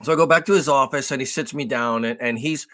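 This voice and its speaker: A man co-hosting a podcast, telling a long story in a casual, animated way with lots of swearing. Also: medium pitch, quick pace. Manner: animated, profane, acts out raised voices. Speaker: podcast co-host.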